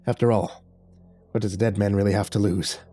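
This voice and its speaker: A man voicing an undead old sea captain, weary and loyal, with a gruff, grim manner, in a horror story reading. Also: fairly low pitch, steady tone, fairly quick, dark tone, a little hiss or hum, natural voice. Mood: wry.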